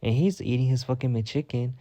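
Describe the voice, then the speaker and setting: A man's voice: mid-range voice, fairly quick, dark tone, no room sound, highs cut off. A man hosting a storytime podcast, telling a story in a sassy, dramatic way with heavy cursing. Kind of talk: casual profane storytime rant.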